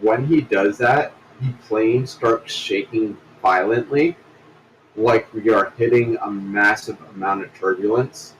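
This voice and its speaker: Low-pitched male player, matter-of-fact, distant mic with faint hiss. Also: steady tone, a little slow, a bit bright. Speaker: tabletop game player. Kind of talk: casual tabletop role-play narration.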